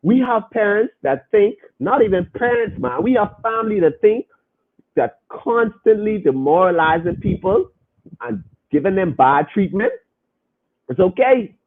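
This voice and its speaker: A man's voice: high-pitched, lively intonation, a little slow, narrow, tinny audio. A man hosting a podcast, preaching emphatically and repeating his points as he reads comments from the chat.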